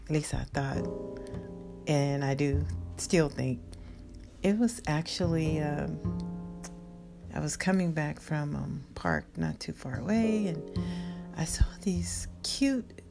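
A woman talks through a heartfelt devotional and then prays aloud, unhurried and gentle. Her voice sits a little low, and she often falls into a hushed whisper, mixing Spanish words into her English. A guitar plays clearly under her the whole time. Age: adult. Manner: soft and heartfelt, drifting into whispers, slipping in Spanish phrases. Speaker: devotional vlogger. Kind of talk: devotional talk and spoken prayer. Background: guitar music.

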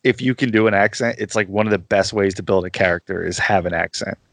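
An easygoing man talks as a podcast guest, his voice sitting a little low. He is chatty and laughs at himself often. The sound is dry and close, with no room around it. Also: fast talker, fairly bright tone, dry recording. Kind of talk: casual podcast chat.

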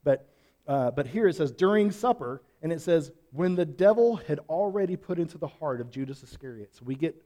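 A man delivers a conversational Bible teaching in a folksy, rambling way. His voice sits a little high but sounds mellow and warm. He often restarts his sentences and adds asides. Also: animated, fairly quick. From Switzerland. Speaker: pastor.

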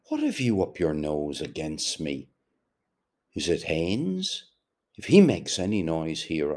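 A man reading an audiobook, voicing a brash, mocking young man in a raised, lively voice. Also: exaggerated voice. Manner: teasing, brash, higher and livelier than the narration. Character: boisterous mocking young man, quick-tongued. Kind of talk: audiobook character voice.

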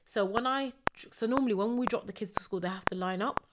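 A woman co-hosting a podcast, telling stories in a casual, emotional and animated way. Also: medium pitch, fast, heavy background noise. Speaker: podcast co-host. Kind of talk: casual chat.

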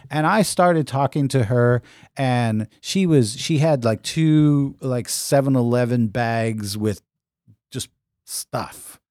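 A man's voice: mid-range voice, a little mellow, no room sound, studio quality. A man co-hosting a podcast, telling a long rambling anecdote in casual chat and acting out the dialogue he quotes. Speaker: podcast co-host.

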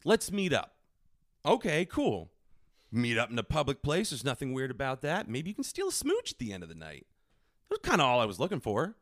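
A man co-hosting a podcast, telling a funny story in an animated way and slipping into put-on voices. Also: mid-range voice, quick pace, dry recording, studio quality. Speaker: podcast co-host. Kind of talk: comedic storytelling.

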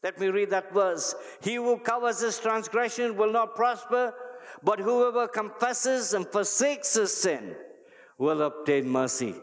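A man's voice: high-pitched, unhurried. A male pastor preaching a sermon to his church, emphatic and repeating key phrases. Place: church hall. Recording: long reverb of a large hall.

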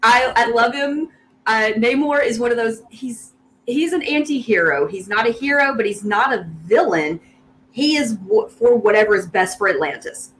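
A woman's voice: on the high side, lively intonation, moderate pace, slight background noise, low-quality recording. A woman with a Southern US accent in casual podcast chat, talking eagerly and laughing often. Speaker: podcast co-host.

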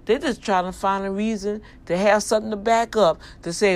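A woman's voice: medium pitch, steady tone, a little fast, hardly any pauses. A woman with a New Orleans accent talking to her viewers in a casual, preachy monologue, full of emphatic rhetorical questions. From New Orleans, US South. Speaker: vlogger addressing her online family.

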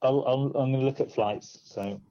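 Male podcast guest, hesitant and joking, mellow, slightly muffled audio. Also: mid-range voice, moderate pace. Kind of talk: casual chat.

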